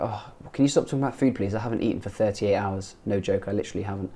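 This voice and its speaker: A man with an English accent coaching pronunciation in a casual, playful way, repeating words slowly to model them. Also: on the low side, fairly even intonation, a little mellow. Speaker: English accent coach reacting to learner clips. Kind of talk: casual teaching commentary.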